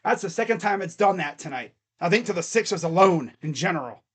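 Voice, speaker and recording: A man calling live fan play-by-play, jumping to shouts on big plays and dropping to muttered asides between them. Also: high voice, expressive, fairly quick, husky. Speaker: fan commentator.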